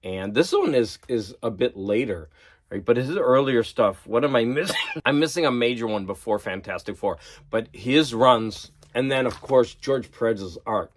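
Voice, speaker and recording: A man chatting casually in a vlog, excited and laughing at himself as he geeks out over comics. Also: mid-range voice, normal speed. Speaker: vlogger. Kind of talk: casual chat.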